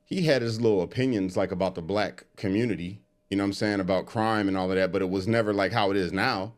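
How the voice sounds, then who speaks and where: Fast, lowish male guest. Animated, casual storyteller. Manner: animated, quick storyteller who acts out quotes. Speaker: interview guest.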